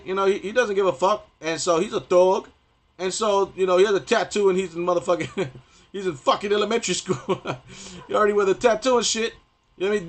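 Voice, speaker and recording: A man's voice: sits high, fairly bright tone. A young man ranting on a gaming stream, profane and rambling, stumbling over restarts and repeating himself.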